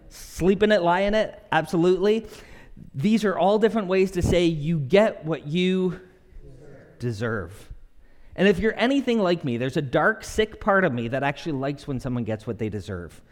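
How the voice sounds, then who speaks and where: A young man delivers a sermon in a church auditorium, his slightly high voice animated as he acts out quotes. His words ring out with the long reverb of a large hall. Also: normal speed. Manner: animated and expressive, acting out quotes with shifting pitch. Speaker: pastor.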